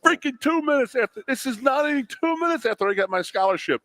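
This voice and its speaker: His voice is extremely high-pitched and he talks fast, with no room sound on the recording. He's a man in his forties, a former college lineman co-hosting a sports radio show in a studio at a restaurant, animatedly telling a long story in casual chat and acting out the people's quotes in raised voices.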